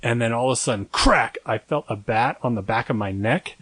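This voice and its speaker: A young man co-hosting a casual podcast, rambling through a story and poking fun at himself. His voice sits at an ordinary middle pitch. The sound is close and dry, with no room around it. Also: a little fast, a bit bright, breathy edge, dry recording. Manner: rambling, self-mocking, acts out quotes in a high voice. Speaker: podcast co-host.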